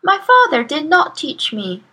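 Woman doing a quiet, polite little girl. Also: high voice, huge pitch swings, a little slow, voice pushed up, exaggerated voice. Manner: quiet, polite, matter-of-fact. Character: tiny serious five-year-old girl, quiet and polite. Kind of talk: storybook reading.

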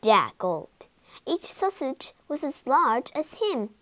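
A woman narrating a children's storybook in an expressive, dramatic way. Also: high-pitched, slow pace, no room sound.

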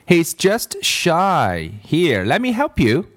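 A man's voice: on the high side, wildly swooping pitch, takes it slowly, voice pushed up, heavily acted. Storybook: a fussy teacher lady with a sugary lilt, voiced by a male reader. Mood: prim. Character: prim fussy female schoolteacher.

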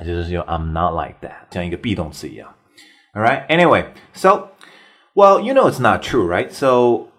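Deep-voiced chatty male English teacher. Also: fairly bright tone, husky. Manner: chatty, keeps tagging "right?" and laughing. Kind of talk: casual explanatory lesson.

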